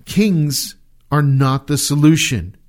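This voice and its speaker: Earnest preacher man, fairly high voice. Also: darkish tone. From United States. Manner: earnest, repeats words and restarts, stresses key phrases slowly. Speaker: pastor. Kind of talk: sermon.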